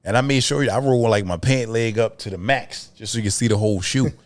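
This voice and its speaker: Low-voiced man telling sneaker stories. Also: a little fast. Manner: animated storytelling, profane, repeats himself. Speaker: podcast co-host. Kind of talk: casual chat.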